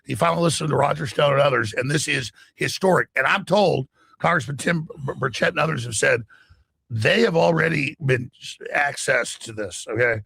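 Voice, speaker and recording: A middle-aged American man telling a story in an urgent, breathless rush, as a podcast guest, with a gravelly, husky voice. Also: a little high, fairly quick, no echo. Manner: urgent, breathless storytelling with shouted acted quotes. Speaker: radio host guest. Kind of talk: excited podcast guest talk.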